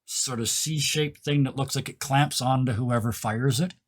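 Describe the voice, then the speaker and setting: A man narrating as game master of a tabletop game, descriptive and halting with fillers. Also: medium pitch.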